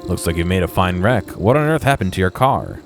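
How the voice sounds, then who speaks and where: Man voicing an old game witch, gruff and dry, lowish and lively. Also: fairly quick, music in the background. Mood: grumbling.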